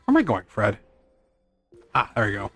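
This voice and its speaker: A man's voice: on the low side, huge pitch swings, normal speed, a bit bright, breathy edge, no room sound, faint music behind. A man streaming a video game, rambling through casual commentary with self-deprecating quips and chatting to his in-game horse. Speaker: gaming streamer.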